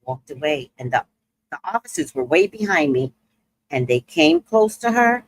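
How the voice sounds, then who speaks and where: A woman's voice: deep voice, very animated, moderate pace, slightly rough, poor audio. A woman telling a comedic story in a monologue, acting out the people she quotes and swearing freely.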